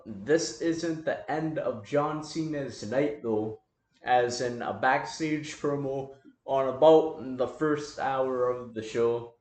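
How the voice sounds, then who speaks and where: A man talks through wrestling storylines at an easy, slow pace, rambling casually and leaning on filler words. His voice sits at an ordinary middle pitch. The room around him gives it a noticeable echo. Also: a little mellow. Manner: loose, rambling, filler-heavy recap. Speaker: wrestling fantasy booker.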